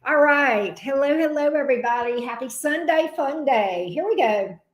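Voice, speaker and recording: A woman's voice: high-pitched, animated, normal speed, muffled recording. A woman with a Southern accent hosting a tarot live stream, chatting casually and greeting viewers by name. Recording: echoey room.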